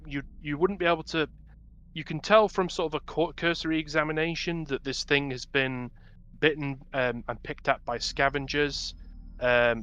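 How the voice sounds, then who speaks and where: This man narrates a tabletop game in a bright, crisp, clear voice. He describes each scene slowly and in detail, often pausing on ums and restarting his sentences. His delivery stays descriptive throughout. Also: mid-range voice. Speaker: game master.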